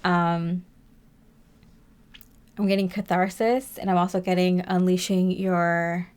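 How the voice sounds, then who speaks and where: A woman's voice: fairly low pitch, little pitch movement, slow pace, darkish tone, smooth. A woman giving a casual tarot reading to her viewers, chatty and rambling, with many fillers and frequent laughs. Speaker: tarot reader.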